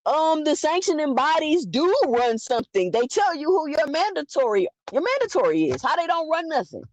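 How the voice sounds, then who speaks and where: A woman giving an opinionated boxing commentary, emphatic and full of rhetorical questions. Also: high-pitched. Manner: animated, emphatic, rhetorical questions, quick restarts. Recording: dull lo-fi dry sound.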